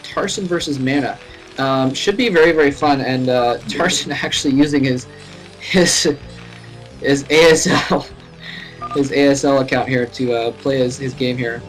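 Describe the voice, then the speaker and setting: A man's voice: medium pitch, moderate pace, soft background music, low-quality recording. Chatty man casting a game from home. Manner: casual, chatty, laughs often, rises sharply when excited. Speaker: esports caster. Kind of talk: live game commentary. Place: home room.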